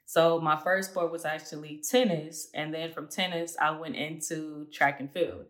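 A young adult woman telling her life story as an interview guest, chatty and quick to laugh, with lots of filler words. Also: low voice, fairly even intonation, a bit bright. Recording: roomy echo.

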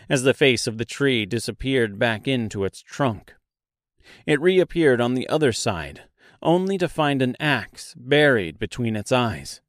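A man narrating a dark fantasy audiobook in a slow, deliberate storytelling manner. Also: medium pitch, no room sound, studio quality.

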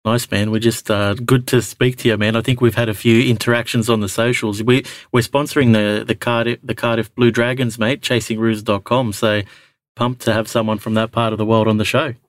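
A man's voice: medium pitch, flat delivery, brisk, dry recording, clean studio sound. An Australian man hosting a podcast call-in show, chatting in a laid-back, matey way. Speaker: podcast host. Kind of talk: casual call-in chat.

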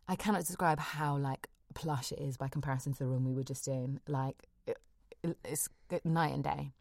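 A woman's voice: very deep voice, fairly even intonation, normal speed, vocal fry, darkish tone, dry recording, clean studio sound. A woman telling a personal story frankly and with animation in casual chat, swearing freely.

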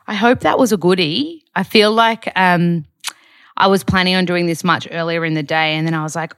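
A woman's voice: lowish voice, normal speed, fairly bright tone, smooth, dry recording, clean studio sound. A young Australian woman hosting her own podcast, giving a chatty, upbeat solo update full of fillers and tangents. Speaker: podcast host.

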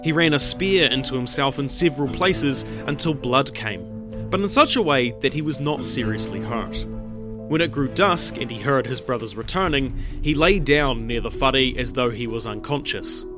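A man narrating a dramatic legend in a measured, deliberate way, his voice sitting in a middle pitch. Faint music plays underneath the storytelling. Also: animated.

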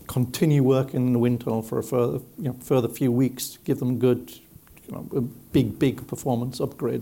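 A man on a live panel, explaining things in a measured way. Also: medium pitch, vocal fry, warm tone.

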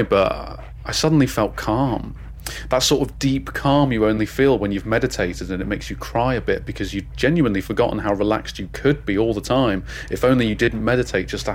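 A man narrating a comic first-person story with a deadpan, wry delivery and dry asides. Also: mid-range voice, a little hiss or hum.

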